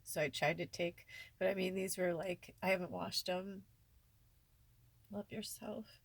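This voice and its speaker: A woman's voice: lowish voice, level tone, moderate pace, vocal fry, no echo. A woman talking tearfully and rambling in a personal vlog, filling her speech with many "like"s. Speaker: spiritual vlogger.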